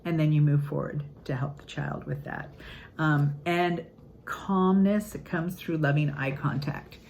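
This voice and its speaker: An older woman, a grandmother, giving an earnest, upbeat casual talk on parenting, acting out quotes in lively voices. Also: low-pitched, unhurried, vocal fry, a little hiss or hum, poor audio. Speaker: parenting channel host.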